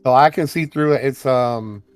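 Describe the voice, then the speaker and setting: A man's voice: medium pitch, normal speed, no room sound, soft background music. Casual male tabletop player. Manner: chatty, reads rules aloud.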